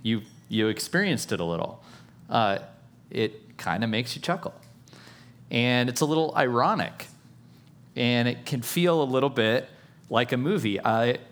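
A male preacher delivering a sermon at a middle pitch, loose and chatty. He drops self-aware jokes and checks in with the congregation as he goes. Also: fairly bright tone. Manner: playful, self-aware humor, conversational asides. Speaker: pastor.

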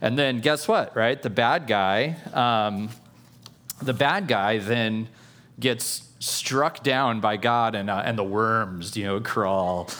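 A man's voice: lowish voice, takes it slowly, a bit bright. A man preaching a sermon in a playful, conversational way, with self-aware jokes and asides to the listeners. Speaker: pastor.

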